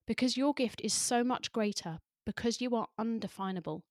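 A woman podcast host reading a poem aloud in a soft, deliberate way. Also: a little high, no room sound, clean studio sound. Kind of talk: slow, measured poetry reading.

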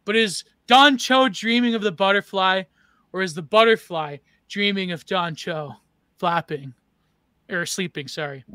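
Man, high voice, bright and tense tone, rambling questions, casual podcast chat, dry sound. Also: measured pace, clean tone, no echo. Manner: rambling, searching for words, swears. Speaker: co-host.

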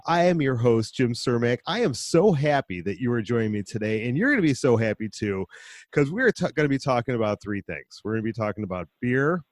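A man hosting an interview show, enthusiastic and energetic as he introduces guests and asks questions. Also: mid-range voice, fairly quick, no room sound. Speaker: podcast host.

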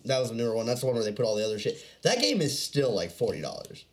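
A man's voice: mid-range voice, big pitch swings, racing. A man chatting casually on a podcast, swearing freely, laughing often and acting out other people's lines. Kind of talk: casual chat.

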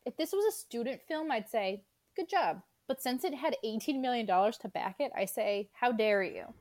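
Animated young woman ranting, dry close sound. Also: on the high side, fairly quick, dry recording. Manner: animated, swears, acts out scenes. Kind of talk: casual chat, movie rant.

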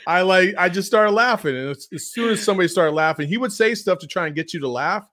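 A man's voice: sits high, animated, quick pace, fairly bright tone. A man co-hosting a podcast, blunt and playful in casual chat, laughing often. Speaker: podcast co-host.

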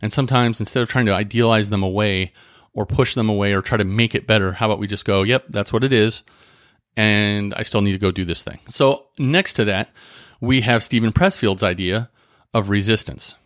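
A man hosting a podcast in a casual motivational talk, chatting conversationally, often checking in with "right?" and slowing down to read book passages aloud. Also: fairly low pitch, a bit bright, dry recording, clean studio sound. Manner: conversational, often asks "right?" and restarts phrases; reads book passages aloud more slowly. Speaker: podcast host.

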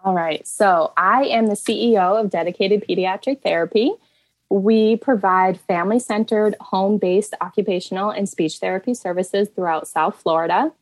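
A woman's voice: medium pitch, normal speed, dry recording, rough recording. A woman, a therapy business owner, speaking as a podcast guest in a friendly, upbeat, conversational way. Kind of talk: casual interview chat.

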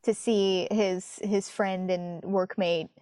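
A woman's voice: mid-range voice, slow. A woman chatting casually, recapping a TV episode and acting out characters' lines with lots of laughter. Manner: animated, acts out characters' lines in quotes, laughs often.

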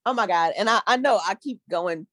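A woman's voice: medium pitch, brisk, pushed and bright, breathy edge, no room sound, clean studio sound. A woman in casual podcast chat who talks in slang, rambles, and laughs often. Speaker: co-host.

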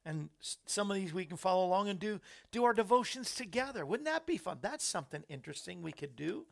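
A man's voice: high voice, sing-song, fast talker, gravelly. A man hosting a talk show, chatting in a rambling way and laughing at his own jokes. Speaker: host.

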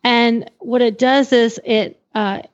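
A woman with a fairly high voice co-hosts an equestrian talk show, laying out herbal remedies and tossing in quick asides. Her audio comes through a little dull, as if over a remote line. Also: steady tone. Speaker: co-host, holistic veterinarian. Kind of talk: casual radio chat.

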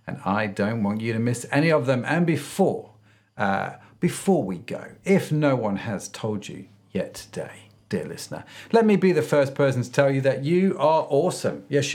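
A man's voice: mid-range voice, a little mellow. A male podcast host who wraps up a casual interview in an upbeat, effusive way and laughs easily.

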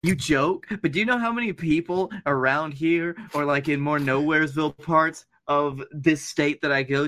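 Bright-voiced man with dry comebacks. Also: a little high. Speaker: podcast co-host. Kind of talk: casual comedy podcast banter.

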